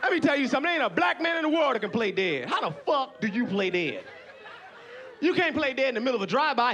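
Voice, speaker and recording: A high-voiced male comedian works a club crowd, loud and profane, his pitch swinging wildly. He often shouts into the stage mic over a faint hiss of room noise. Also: sing-song, quick pace. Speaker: stand-up comedian. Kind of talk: stand-up comedy.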